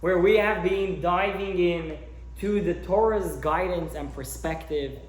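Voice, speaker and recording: A man's voice: high voice, a little slow. A man teaching a class as a rabbi, lecturing and telling stories as he acts out the characters. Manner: warm storyteller who acts out his characters. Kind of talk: lecture with storytelling. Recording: roomy echo.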